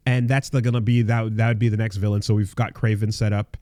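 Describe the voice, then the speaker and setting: A man's voice: on the low side, level tone, fast, darkish tone, no echo. Rambling, profane man on a dry mic. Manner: rambling, profane, many fillers and restarts. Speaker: podcast co-host. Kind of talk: casual podcast chat.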